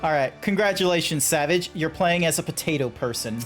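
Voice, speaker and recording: A man's voice: on the high side, animated, fairly quick, a bit bright, faint music behind. Rambling, laid-back male game streamer. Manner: rambling, laughs easily, swears casually. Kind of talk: casual chat while gaming.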